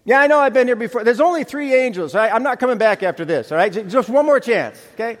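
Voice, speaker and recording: A man's voice: a little high, animated, moderate pace. A man acting out an overeager male neighbor who pleads at the door and stammers through apologies. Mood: eager. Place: church sanctuary. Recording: reverberant hall.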